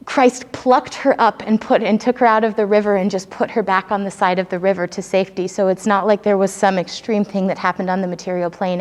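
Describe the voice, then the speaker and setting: A woman telling a story during a spiritual talk, earnest and searching for words as she speaks. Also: medium pitch. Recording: long hall reverb.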